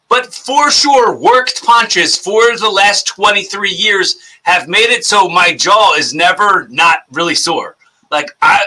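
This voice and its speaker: A man's voice: sits high, bright, forceful tone, poor audio. A man in his thirties, a podcast guest in casual chat, rambling, laughing and poking fun at himself. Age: 30s. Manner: rambling, laughing, self-mocking.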